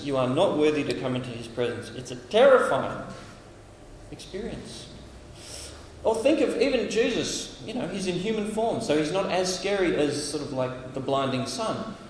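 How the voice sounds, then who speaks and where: An Australian man preaching at a camp, lively and dramatic, acting out lines from scripture. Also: fairly high pitch, normal speed, a little hiss or hum. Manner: animated, acts out voices from scripture passages. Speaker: camp speaker. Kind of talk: sermon. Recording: echoey hall, heard from a distance.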